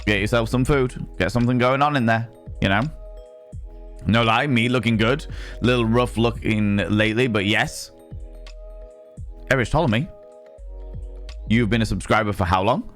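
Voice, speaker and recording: A man's voice: lowish voice, normal speed, pauses often, fairly bright tone, soft background music. A man chatting casually with his viewers on a live stream, greeting them by name and rambling playfully between topics.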